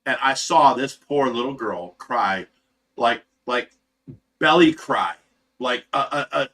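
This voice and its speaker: A man's voice: medium pitch, lively intonation, takes it slowly, sharp tone. A man hosting a fish rescue livestream, telling stories casually to his chat with laughter. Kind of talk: casual storytelling to a live chat.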